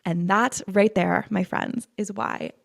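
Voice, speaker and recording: A woman in her twenties telling a personal story in a vlog, animated and acting out what people said. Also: slow, vocal fry. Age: 20s. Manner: animated, re-enacts quotes with big jumps in pitch. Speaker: vlogger.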